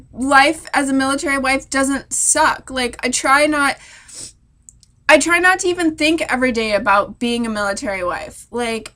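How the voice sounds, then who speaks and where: A woman's voice: high-pitched, pushed and bright. A young woman, a military spouse, talking through tears in an emotional personal vlog, rambling with many "like" fillers. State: crying. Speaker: vlogger. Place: hotel room.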